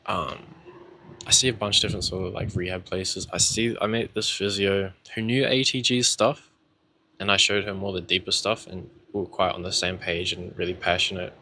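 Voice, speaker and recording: A man's voice: low-pitched, pushed and bright, slight background noise. A young man telling his own story in a casual, rambling way, candid, with lots of fillers and swearing.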